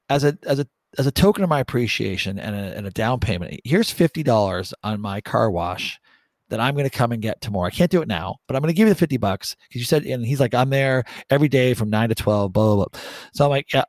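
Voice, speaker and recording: A man from Bermuda co-hosting a podcast, telling a story in casual chat, animated and joking, with the odd swear for laughs. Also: medium pitch, a little fast, dry recording. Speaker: podcast co-host.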